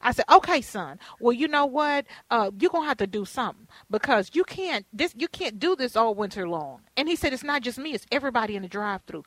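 A woman's voice: a little high, a little fast, few pauses, no echo, low-quality recording. A middle-aged woman hosting a radio talk show, telling stories with playful emphasis. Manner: animated storyteller, playful and emphatic. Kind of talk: casual interview chat.

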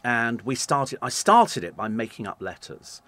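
Lively radio presenter telling stories. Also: male voice, medium pitch, a little slow, no echo. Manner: animated anecdotes, acts out quoted voices. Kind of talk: storytelling in an interview.

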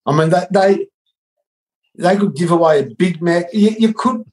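A man's voice: sits high, normal speed, darkish tone. A middle-aged Australian man co-hosting a casual comedic sports chat, telling rambling wry stories. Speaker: co-host.

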